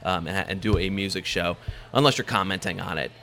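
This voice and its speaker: A man's voice: low-pitched, a little fast, a bit bright. A man, a podcast host, talking casually in an interview, rambling with many fillers and restarts and laughing easily. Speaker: podcast host, guest on another show.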